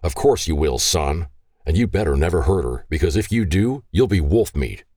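A man's voice: sits low, lively intonation, normal speed, dark tone, dry recording, studio quality. A man voicing a furious, protective father who speaks in a stern, commanding growl.

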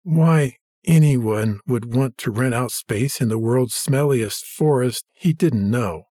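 A man narrates a story at an even, measured pace. His voice has a husky edge, and the recording is dry and close with no room sound. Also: medium pitch, dry recording. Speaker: audiobook narrator. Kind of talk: scripted narration.

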